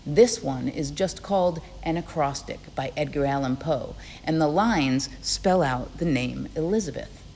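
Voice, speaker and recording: A woman teacher narrating a scripted poetry lesson, explaining clearly in a friendly way. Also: low voice, a little slow, hardly any pauses, a little mellow, in a large hall, a little hiss or hum. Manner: clear, friendly explaining, reads rhythm examples aloud.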